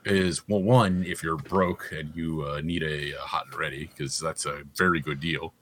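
A man's voice: rumbling low, steady tone, moderate pace, fairly bright tone. A man co-hosting a podcast, rambling casually with loose asides and casual swearing. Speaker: podcast co-host. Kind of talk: casual chat.

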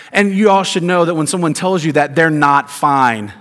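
Raised-pitch preacher with hall reverb. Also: male voice, fairly bright tone. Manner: emphatic, rhetorical questions, deliberate stresses. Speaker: pastor. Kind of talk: sermon.

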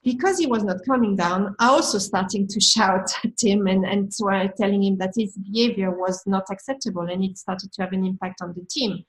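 A woman's voice: mid-range voice, brisk, hardly any pauses, slight background noise, low-quality recording. A woman guest who manages a team, talking frankly and reflectively in a conversational storytelling way, with small restarts.

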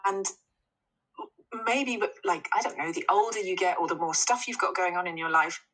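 A woman's voice: lowish voice, moderate pace, fairly bright tone, husky, faint music behind, rough recording. A woman talking in an earnest, casual chat, laughing often.

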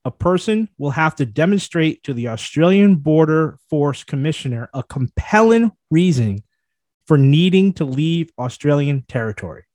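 A man hosting a casual news podcast, reading articles aloud and adding quick asides. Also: a little high, lively intonation, darkish tone, dry recording. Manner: reads headlines aloud then riffs with asides. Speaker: podcast host.

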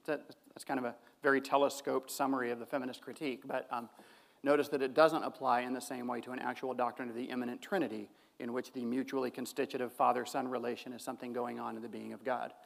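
A man's voice: mid-range voice, little pitch movement, fast, vocal fry. A man presenting an academic theology paper, reading long quotations and breaking off for casual asides. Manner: reads quotations with asides and fillers. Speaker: theology lecturer.

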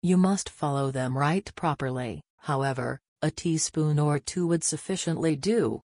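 A fussy old witch from a bedtime story who gives potion instructions in a prim, precise way, spoken by the narrator. The voice sits in a middle pitch and is recorded dry and close. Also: a little slow, darkish tone, no room sound. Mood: instructive.

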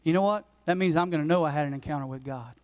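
A man in his forties, a pastor preaching a passionate sermon that swings between loud urgency and hushed intensity. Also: fairly high pitch, very fast, low-quality recording. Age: 40s. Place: church sanctuary.

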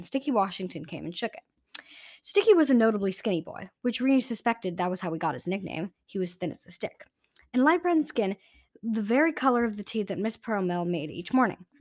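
A woman reads a storybook aloud in a steady, clear voice at an ordinary pitch. Small slips show now and then. The recording is close and dry, with no room sound. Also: no room sound. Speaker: audiobook reader. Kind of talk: storybook narration.

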